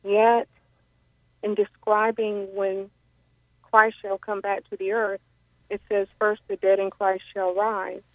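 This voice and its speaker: A female caller on a radio show asks her question slowly and with some hesitation. Her voice comes through a tinny, narrow phone line. The sound is dry. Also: mid-range voice, little pitch movement, dry recording. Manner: slow, careful, halting.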